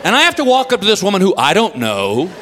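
A middle-aged man doing a stand-up routine, exasperated and shouting his punchlines. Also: sits high, wildly swooping pitch, fast, long reverb tail. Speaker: stand-up comedian. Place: comedy stage before a live audience. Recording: live stage mic with crowd laughter and room noise.

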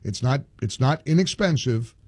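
Older man, radio host, mellow dark tone, dry studio sound, emphatic and animated. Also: normal speed, husky, no room sound. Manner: animated, emphatic, rising pitch when ranting. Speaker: radio talk show host. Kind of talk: talk radio monologue.

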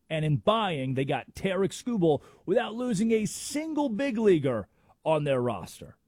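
A man's voice: sits high, very animated, measured pace, darkish tone, slightly rough, dry recording, clean studio sound. A man hosting a sports talk radio show, making emphatic arguments with rhetorical questions.

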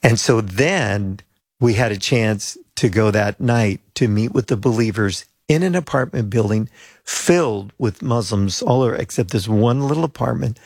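A man's voice: on the low side, moderate pace, vocal fry, a little mellow, slightly rough, no room sound, clean studio sound. A pastor in his sixties from the United States, telling rambling anecdotes with asides as an interview guest.

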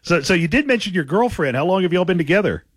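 A man's voice: sits high, lively intonation, slightly rough, no room sound. A man hosting a radio interview, easygoing and agreeable, asking casual questions. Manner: easygoing, lots of "yeah" and quick laughs. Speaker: radio host interviewing a comedian.

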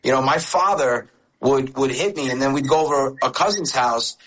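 A man's voice: mid-range voice, moderate pace, fairly bright tone, rough recording. A man in his forties, raised in the United States, talking as a radio interview guest and telling candid stories with many restarts. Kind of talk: casual interview chat.

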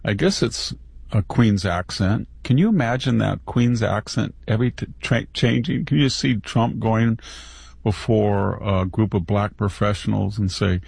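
A man's voice: fairly low pitch, measured pace, vocal fry, a little mellow, husky, dry recording, clean studio sound. A man giving indignant, opinionated talk as a guest, often restarting mid-word.

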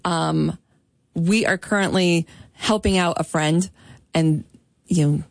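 A middle-aged woman co-hosts a morning radio show in a casual, relaxed way, often using fillers. Her voice is very low for a woman. The sound is dry and close on a studio mic. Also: takes it slowly, creaky, no room sound. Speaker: radio co-host. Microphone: studio microphone.

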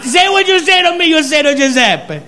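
A man's voice: very high-pitched, moderate pace, a faint crowd, a little hiss or hum, pitched above the performer's own voice, heavily acted. A man doing a pushy Italian waiter. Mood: excited. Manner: excited, insistent.

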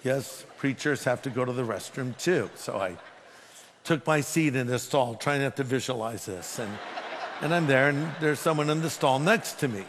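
A man's voice: mid-range voice, lively intonation, moderate pace, background noise. A man who is a pastor, preaching a sermon with emphatic delivery and humorous storytelling. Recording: long hall reverb.

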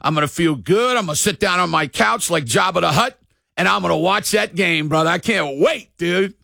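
A middle-aged man hosting casual sports talk, excitable, shouting and drawling words for emphasis. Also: sits high, normal speed, gravelly, no echo.

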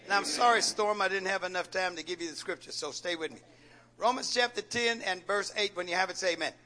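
A man's voice: high-pitched, quick pace, sharp tone. A man preaching a sermon as pastor, calling out questions for the congregation to answer and repeating phrases with folksy jokes.

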